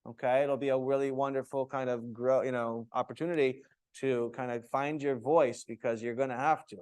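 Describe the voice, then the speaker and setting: A man's voice: mid-range voice, a little fast, smooth. A man leading a yoga teacher training, talking to a group of students in an echoey room, acting out tones of voice and asking them questions. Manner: animated, acts out different tones of voice, asks the group questions. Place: room with echo.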